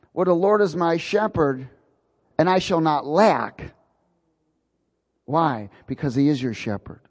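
A man's voice: a little high, a little mellow. Folksy man preaching in a reverberant hall. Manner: folksy, chuckling storyteller. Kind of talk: sermon with personal story.

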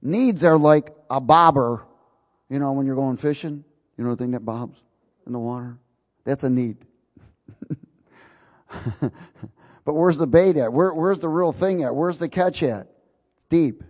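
A man's voice: a little high, a little slow, long pauses, darkish tone, long reverb tail. A man preaching a sermon, telling a personal story in a folksy, chuckling way.

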